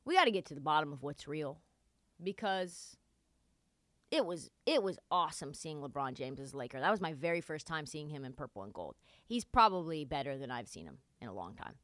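Animated woman talking sports, bright and dry. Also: sits low, brisk, dry recording. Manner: animated, swears, sarcastic asides. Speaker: sports commentator. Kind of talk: casual sports commentary.

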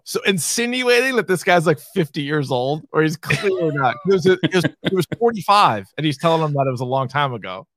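A man in a casual comedy chat who swears freely and breaks into laughter as he retells scenes. His pitch is on the high side and swings widely. The sound is dry and close. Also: expressive, fairly quick, few pauses, fairly bright tone, no echo. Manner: swearing, laughing, quoting lines in silly voices. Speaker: podcast co-host.

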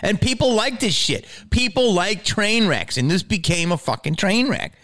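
A man's voice: sits high, animated, normal speed, a bit bright. A comedian talking casually about his own stage outburst, heated, rambling and profane. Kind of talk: reflective casual talk.

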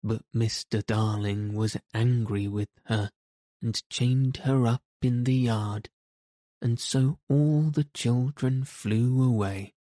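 A man narrating a children's classic audiobook at a slow, unhurried pace. His voice sits low and warm, and the reading is measured and even. The sound is close and dry. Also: no room sound.

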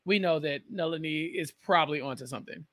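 A podcast co-host talks things through in casual chat, pausing on small fillers as they explain. The voice is bright and forceful at a middle pitch. The sound is dry and close to the mic. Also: dry recording. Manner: thoughtful, explains with filler pauses.

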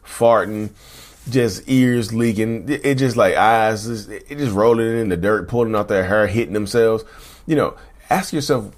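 Male host, deep voice, casual to-camera chat, repetitive and folksy. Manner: conversational, repeats himself, addresses viewers as y'all. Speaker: channel host.

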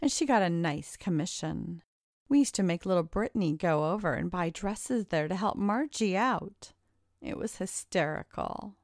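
Lady doing a snarky ex-bully girl, slow drawl, dry sound. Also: lowish voice, expressive, no room sound. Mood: sarcastic. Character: sarcastic young woman, former bully.

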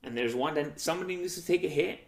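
A man's voice: on the high side, quick pace. A young man hosting a podcast, telling crude stories in casual chat and acting out the quotes. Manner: crude, animated, acts out quotes. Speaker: podcast host. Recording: echoey room.

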